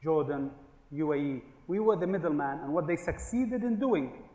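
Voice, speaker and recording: A man's voice: on the high side, lively intonation, moderate pace, dark tone. A man giving a humorous business keynote, telling stories and asking the audience questions. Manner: storytelling with jokes and rhetorical questions. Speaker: conference speaker. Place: large conference hall. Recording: echoey hall with long reverb.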